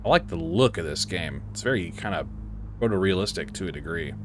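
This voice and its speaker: A man's voice: sits low, animated, brisk, background noise. A young man giving casual, hyper Let's Play commentary, chatty and prone to mumbling and laughing. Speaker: gaming YouTuber.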